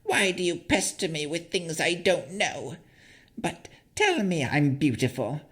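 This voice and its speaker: A woman's voice: deep voice, sing-song, measured pace, a bit bright, pitched above the performer's own voice, heavily acted. A male narrator voicing a mad, filthy female hag who pleads and shrieks in erratic, rambling bursts. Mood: wheedling. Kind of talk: audiobook character voice.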